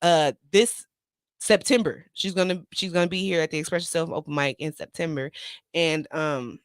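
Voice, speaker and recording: A woman's voice: sits low, moderate pace, no room sound. A middle-aged woman hosting an open mic show, chatting casually and animatedly with her viewers and her guest. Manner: animated, drawling, talks straight to viewers. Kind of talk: casual chat.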